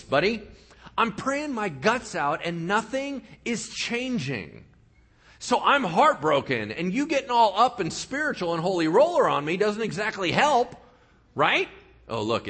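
A man preaching a sermon, animated and sarcastic, often acting out the voices of the people he quotes. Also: sits high, husky. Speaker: pastor.

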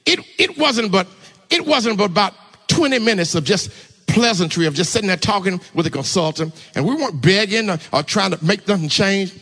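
A married man preaching a testimony sermon, telling a story and calling on the congregation to talk back, with sudden shouts. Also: high-pitched, animated, a little fast. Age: adult, married. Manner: call-and-response, urging the congregation to answer.

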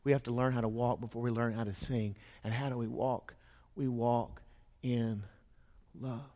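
A man preaching a sermon, telling stories, firing off rhetorical questions and dropping to a hush for emphasis. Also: mid-range voice, fairly even intonation, normal speed. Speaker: pastor. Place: church sanctuary. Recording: long church hall reverb.

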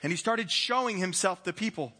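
A man's voice: high-pitched, brisk, sharp tone. A man preaching a conversational sermon as pastor, acting out little dialogues and chuckling as he goes. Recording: reverberant hall.

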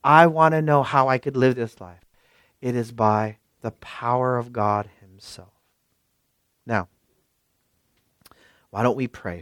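A pastor preaching a sermon and leading a closing prayer, swinging from loud exclamations to hushed asides. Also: male voice, mid-range voice, fairly even intonation, takes it slowly, pauses often, clear, resonant tone, dry recording.

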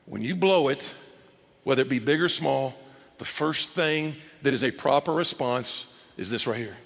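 A man preaching a sermon as pastor, animated, acting out scripture scenes. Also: mid-range voice, moderate pace, gravelly. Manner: animated, acts out scripture scenes in character voices. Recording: long reverb of a large hall.

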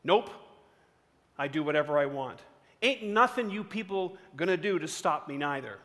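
A man's voice: fairly high pitch, lively intonation, moderate pace, fairly bright tone, big-room sound. A man voicing a brash, defiant young schoolboy in a sermon story. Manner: sneering, brash.

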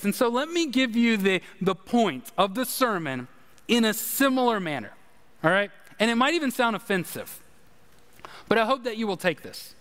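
A man preaching a sermon, emphatic and speaking straight to his listeners as a pastor. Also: high-pitched. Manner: animated, emphatic preaching with direct address. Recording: reverberant hall.

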